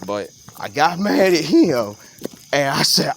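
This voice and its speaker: A young man in casual storytelling chat, animated, jumping between loud outbursts and low mutters and often laughing. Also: unhurried.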